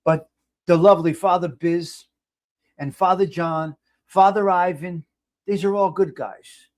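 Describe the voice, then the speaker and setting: A man's voice: high voice, steady tone, a little slow, a little mellow. A man hosting a casual live stream, talking in a blunt, rambling way with frequent restarts. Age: 50s. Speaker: host.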